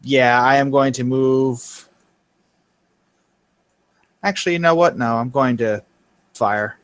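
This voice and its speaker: A man's voice: mid-range voice, steady tone, slow, a bit bright, clear, resonant tone, dry recording. A man playing a tabletop game, asking careful questions and stating his actions. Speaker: player.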